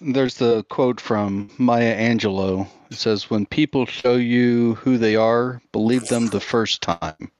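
A man co-hosting a casual podcast, speaking in a thoughtful, measured way with some hesitations. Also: mid-range voice, fairly even intonation, no room sound. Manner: thoughtful, measured, recommends books. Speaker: podcast co-host. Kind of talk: casual group chat. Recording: slightly dull lo-fi mic.

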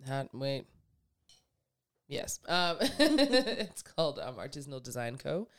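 A co-host chatting casually, rambling and excitable, with lots of "like" and "you know". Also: mid-range voice, takes it slowly. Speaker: podcast co-host. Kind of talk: casual chat.

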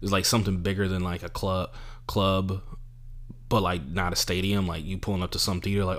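Profane animated comedian ranting. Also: male voice, low-pitched, brisk. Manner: profane, animated, acts out quoted people. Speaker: podcast host and comedian. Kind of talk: casual monologue.

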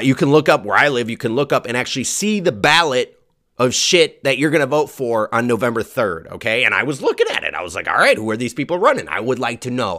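A man's voice: mid-range voice, sharp tone. A comedian hosting his podcast from a home basement, ranting crudely and angrily. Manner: angry, crude, exasperated ranting. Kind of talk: profane ranting monologue.

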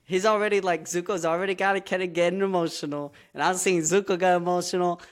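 A man's voice: high-pitched, fairly even intonation, fast talker. A man co-hosting a podcast, talking in a laid-back, slangy way and laughing easily. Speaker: podcast co-host. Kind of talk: casual chat.

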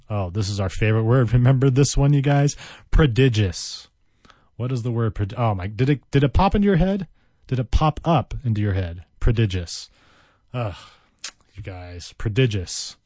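A man hosting a casual solo vocabulary podcast, talking in a playful, rambling way with big swings in pitch and loudness. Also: no echo, studio quality.

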